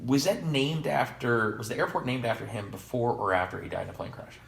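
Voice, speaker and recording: A man's voice: medium pitch, brisk, gravelly. A man co-hosting a podcast in casual chat, rambling and sarcastic with jokey asides. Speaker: podcast co-host. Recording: echoey room.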